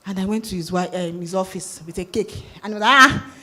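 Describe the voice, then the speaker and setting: A woman with a Nigerian accent giving a sales talk at a conference, lively and asking the audience questions. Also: fairly low pitch, fast talker, a little hiss or hum. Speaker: conference speaker. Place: conference hall.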